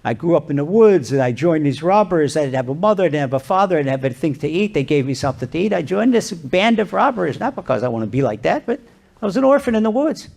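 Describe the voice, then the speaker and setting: An earnest, humble young robber, as a preacher telling a parable puts him on, pitched a little below the teller's usual voice and speaking in low, urgent tones. The voice keeps a gravelly edge. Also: male voice, very animated, fast, a little mellow, heavily acted. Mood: pleading.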